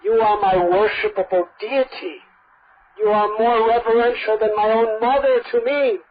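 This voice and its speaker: A woman's voice: a little high, fairly even intonation, moderate pace, crowd noise, close to an everyday voice. A woman voicing a loyal young prince who speaks with earnest, insistent devotion. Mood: reverent. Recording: dull lo-fi recording.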